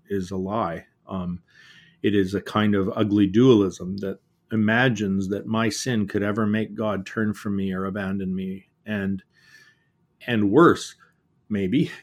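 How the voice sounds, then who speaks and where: Earnest and often halting, a middle-aged man who writes books talks as a guest in a thoughtful conversation, repeating words as he goes. His voice sits on the low side.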